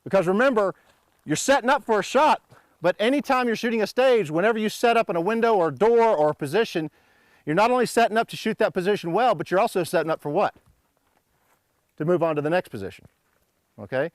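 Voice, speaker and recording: A man in middle age teaches a pistol drill outdoors, his voice sitting somewhat high for a man. He mixes playful threats with brisk, commanding instructions to his students. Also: expressive, no echo, studio quality. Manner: joking, commanding drill calls. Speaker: shooting coach. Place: outdoor shooting range.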